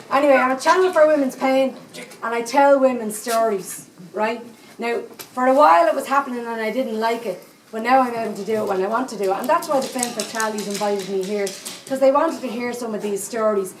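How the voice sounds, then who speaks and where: A salty seventy-eight-year-old Dublin psychic, played by a woman on stage, rattles on in a broad Dublin accent and swears at every turn. Her voice sits a little high. It comes across from far off the mic in an echoey live room, with faint venue ambience underneath. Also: a little fast, a little hiss or hum, natural voice. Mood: rousing. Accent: Dublin Irish. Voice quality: salty, swearing constantly, chatty asides. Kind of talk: live stage comedy monologue.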